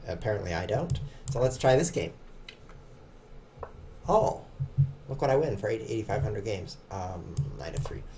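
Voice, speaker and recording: Fairly low and lively, this young man's voice moves at a normal speed but leaves long pauses, over some background noise. He's streaming online chess, joking with chat and mocking himself in casual running commentary while he plays.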